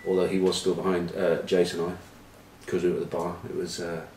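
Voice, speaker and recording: Deep and monotone, this man talks briskly with a slightly mellow quality, a retired rugby player offering casual punditry. He tells meandering stories packed with ums and uhs, trading dry banter. The sound is roomy from a far-off mic, with slight background noise.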